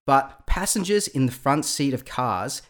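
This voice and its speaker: A man, chatting casually on a podcast panel, animated and laughing often. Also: mid-range voice, unhurried. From Australia. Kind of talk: casual roundtable chat.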